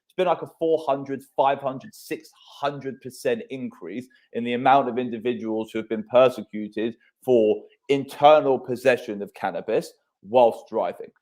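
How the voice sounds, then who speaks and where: A man's voice: mid-range voice, normal speed, a little mellow. A man in his thirties hosting a casual podcast chat, telling stories animatedly and swearing freely.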